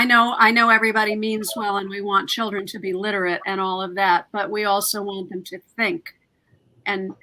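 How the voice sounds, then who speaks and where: A middle-aged woman with a bright, ringing voice, chatting on a video call. She is lively and pokes fun at herself as she talks. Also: medium pitch, low-quality recording. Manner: animated and self-deprecating. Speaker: author and panelist. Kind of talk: casual panel discussion.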